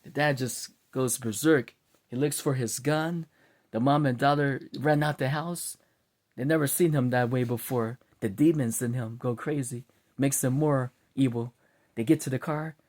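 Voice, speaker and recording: A man's voice: medium pitch, moderate pace. A man casually retelling a dramatic story and acting out its scenes. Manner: animated, acts out scenes.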